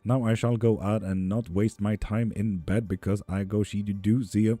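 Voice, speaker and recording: Low, husky laid-back livestream man. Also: fairly even intonation, normal speed, mellow, no room sound, faint music behind. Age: 30s. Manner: laid-back, joking, chats with viewers. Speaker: livestream tarot reader. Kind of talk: casual live-stream chat, reading comments aloud.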